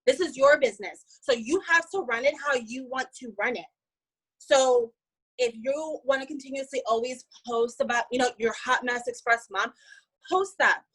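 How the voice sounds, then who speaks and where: Upbeat, slightly high-voiced woman coaching. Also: moderate pace, a bit bright, slightly rough, rough recording. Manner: upbeat and emphatic, casual with frequent "like". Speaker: network marketing team member. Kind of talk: motivational talk.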